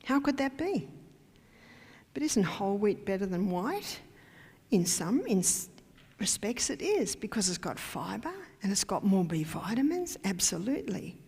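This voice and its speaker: Australian woman, health lecturer, gravelly voice, emphatic, rhetorical questions, church hall echo. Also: mid-range voice, sing-song, unhurried, a little mellow. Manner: emphatic, asks the audience questions. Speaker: health educator. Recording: long hall reverb.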